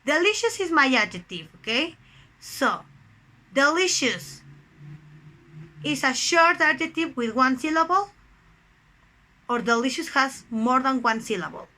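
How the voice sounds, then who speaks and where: High-voiced teacher with a Mexican Spanish accent. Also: female voice, lively intonation, sharp tone, poor audio. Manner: slow, deliberate explaining, often repeats "guys" and "okay". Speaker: English teacher. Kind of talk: recorded online grammar lesson.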